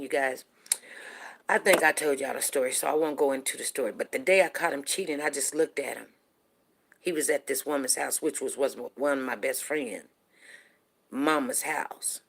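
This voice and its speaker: A middle-aged woman hosting a show, casually telling a personal story to her viewers, animated and repeating herself as she talks to them directly. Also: low-pitched, moderate pace, creaky, husky. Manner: animated, repeats words, asks listeners "you know what I'm saying".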